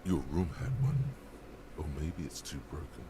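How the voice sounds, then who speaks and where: A man's voice: rumbling low, moderate pace, noisy background. A man voicing a solemn disembodied inner voice that narrates a detective's thoughts in terse lines.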